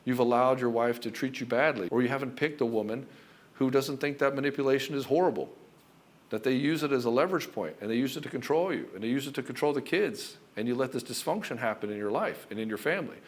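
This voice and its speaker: A middle-aged man giving relationship advice as a coach, talking forcefully and emphatically and swearing freely. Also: mid-range voice, fast talker. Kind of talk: direct-to-camera advice monologue.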